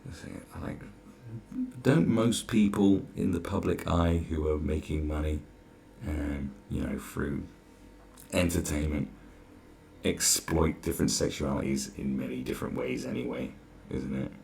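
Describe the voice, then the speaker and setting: A man's voice: sits low, expressive, unhurried, gravelly, darkish tone. A man ranting sarcastically through a reaction commentary, exasperated and swearing freely. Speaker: commentary vlogger.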